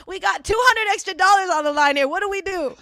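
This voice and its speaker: A woman's voice: extremely high pitch, fast talker, a bit bright, no echo, studio quality, voice pushed up. A woman voicing a group of panicky, bumbling male thugs, pleading and flustered. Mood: panicked. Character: panicky male gang members.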